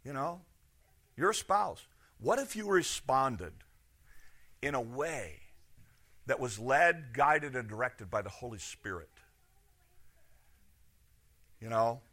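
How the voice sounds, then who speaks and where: A man preaching a sermon, firing off rhetorical questions and swinging between loud and hushed. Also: mid-range voice, big pitch swings, takes it slowly, pauses often. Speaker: pastor.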